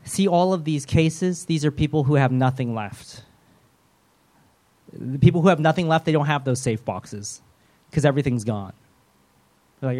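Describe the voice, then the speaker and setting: A male preacher with a somewhat high voice delivers his sermon conversationally. He acts out prayers and quoted lines in shifting voices. He mixes in self-aware, humorous asides. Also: lively intonation, normal speed, long pauses, a little mellow.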